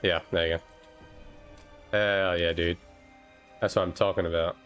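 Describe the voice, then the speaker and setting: A man's voice: deep voice, flat delivery, measured pace, a bit bright, soft background music. A man from France with a light French accent, chatting casually on a game stream, answering chat and swearing offhand while he plays.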